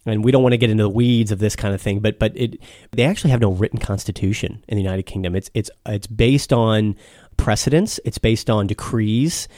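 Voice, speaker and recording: A man's voice: lowish voice, fairly quick, mellow, no room sound, studio quality. An American man explaining things patiently in a casual chat, with frequent restarts. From United States.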